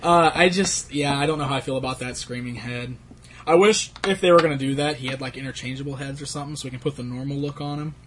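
A man's voice: mid-range voice, fairly even intonation, fast talker, a bit bright, a little hiss or hum. A man hosting a casual chat about action figures, rambling with fillers and laughs. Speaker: toy collecting show host.

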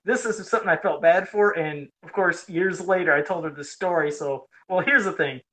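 Man, casual chat, animated storyteller, voice rises and drops a lot. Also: normal speed, poor audio. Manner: animated nostalgic storytelling, lively swings in pitch.

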